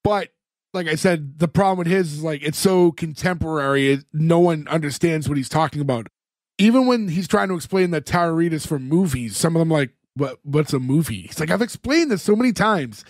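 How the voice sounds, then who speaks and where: A man's voice: a little high, a little fast, a little mellow, no echo. A man co-hosting a podcast, casually recapping a TV episode in a rambling way full of fillers. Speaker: podcast co-host.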